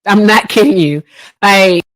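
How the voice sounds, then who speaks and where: A woman hosts a casual political livestream, talking loosely to her viewers at an everyday medium pitch. She reads their comments aloud and often jumps into high, teasing tones. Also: unhurried, a bit bright. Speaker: livestream host.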